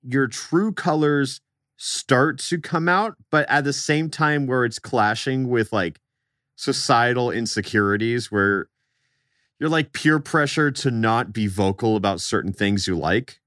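A man's voice: medium pitch, unhurried, fairly bright tone, no echo, studio quality. A young man co-hosting a podcast, chatting casually and acting out the people in his story. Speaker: podcast co-host.

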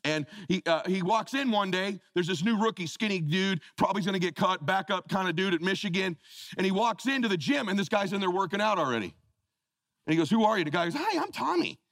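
A man in his fifties giving a motivational speech on stage, telling stories with acted-out voices and dropping low and soft when speaking prayerfully to the audience. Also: brisk, no echo, clean studio sound.

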